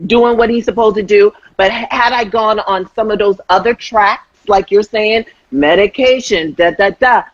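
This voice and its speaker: Husky woman telling lively stories. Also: medium pitch, moderate pace, hardly any pauses, no echo, lo-fi sound. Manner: animated storyteller, acts out quotes. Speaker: host. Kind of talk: casual chat.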